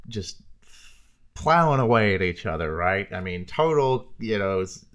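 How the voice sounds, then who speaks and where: Guy with a lowish voice, podcast co-host, just talking frank and loose. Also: expressive, a little slow, fairly bright tone. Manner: frank, candid and talkative. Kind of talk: casual chat.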